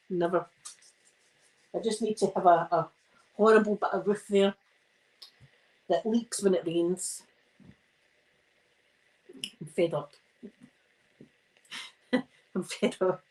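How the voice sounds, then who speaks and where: On her ASMR livestream, a Scottish host irons and chats, tired and yawning. She speaks at a normal speed in a medium-pitched voice, leaving long pauses as she rambles and mocks herself. The audio is poor.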